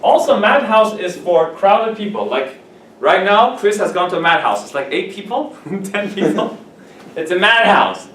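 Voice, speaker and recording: Guy teaching english words to a class, voice jumps all over, bit high, echoey room heard from far off. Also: moderate pace, a little hiss or hum. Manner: animated, playful, acts out examples. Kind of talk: classroom vocabulary lesson.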